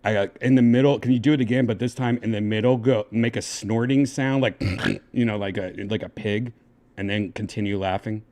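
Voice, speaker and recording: A man with a lowish voice hosts a casual livestream. He talks someone through instructions one step at a time, patient and coaxing. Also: fairly even intonation, a little fast, darkish tone. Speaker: livestream host.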